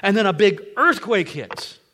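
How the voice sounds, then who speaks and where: A man's voice: high voice, big pitch swings, moderate pace, bright, forceful tone, in a large hall. A man preaching a sermon. He tells a story dramatically, repeating phrases and dropping to whispers.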